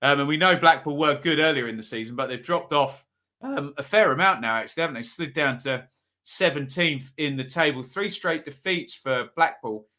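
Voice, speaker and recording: A man's voice: a little high, moderate pace, pushed and bright. A man hosting a live football predictions stream, chatting casually and reading viewers' comments. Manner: chatty, asks chat for predictions, reads comments aloud. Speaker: football preview host.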